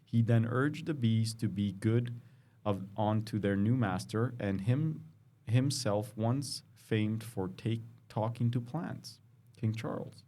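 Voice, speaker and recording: A man with a fairly low voice co-hosts a casual podcast. He reads a news story aloud, often stumbling over words and correcting himself as he goes. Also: takes it slowly, warm tone. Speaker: podcast co-host.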